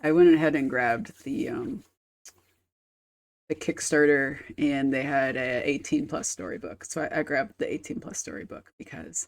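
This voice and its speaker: A woman's voice: low-pitched, normal speed. A woman game streamer chatting casually on a live stream, rambling and explaining with casual swearing.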